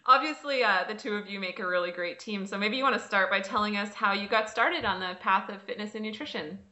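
A woman's voice: medium pitch, quick pace, sharp tone, reverberant, dull audio. A woman with a Canadian accent hosting a podcast, upbeat and chatty as she introduces guests. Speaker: podcast host. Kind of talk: scripted introduction and interview.

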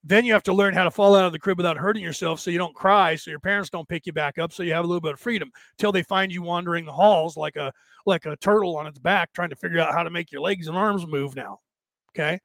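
A man's voice: sits high, quick pace, a bit bright, no echo. A man hosting a podcast, giving a rambling, emphatic spiritual monologue in a conversational way. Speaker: podcast host.

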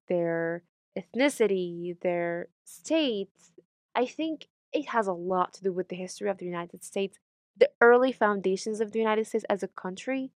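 A young woman from Morocco, speaking candidly in an interview, animated and sardonic, laughing often as she talks. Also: mid-range voice, no room sound.

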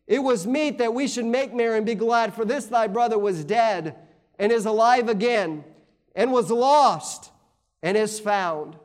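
Man preaching, high voice, reads scripture, chatty asides, amen?. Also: measured pace. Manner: reads scripture aloud in King James wording. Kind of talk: sermon.

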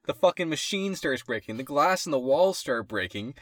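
A man's voice: a little high, expressive, moderate pace, no room sound. A young man co-hosting a casual podcast, complaining and swearing, laughing often as he tells his stories. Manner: laughs often while ranting, swears a lot. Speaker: podcast co-host. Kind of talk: casual chat.

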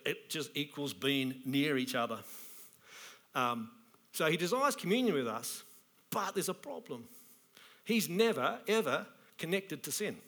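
A man, a pastor preaching a sermon in a colloquial, animated way. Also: a little high.

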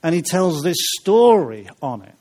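A man's voice: on the high side, very animated, measured pace, dark tone. A man preaching a humorous sermon, chatty and joking with his listeners between points. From Welsh family. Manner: chatty, joking asides to the congregation.

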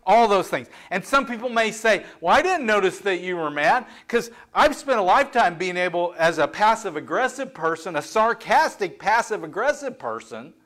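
A man's voice: high voice, fairly bright tone. A middle-aged man preaching a sermon in a candid, self-deprecating, conversational way, talking to the congregation like friends. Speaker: pastor.

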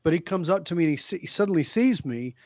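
In clean, echo-free studio sound, a man with a slightly high voice talks fast. He's a leadership speaker guesting on a podcast, an animated storyteller who performs the dialogue as he goes.

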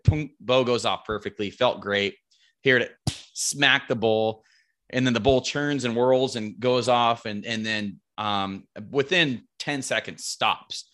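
In a mid-range voice, a man casually tells a hunting story, animated and swearing freely, acting out what was said in a loud, raised voice.

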